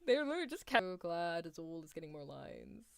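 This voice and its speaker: A woman's voice: lowish voice, brisk, gravelly, no room sound. Dry-sounding gushing woman streamer. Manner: gushing and excitable, laughing, drifting between loud cries and hushed near-whispers. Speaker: streamer reacting to an anime. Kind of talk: excited live reaction commentary. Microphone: headphones on while streaming.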